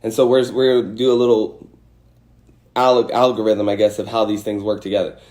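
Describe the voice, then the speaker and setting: A man's voice: on the low side, level tone, moderate pace, a little mellow. A man hosting a livestream, giving a casual motivational talk and acting out angry and scared voices with some swearing. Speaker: host.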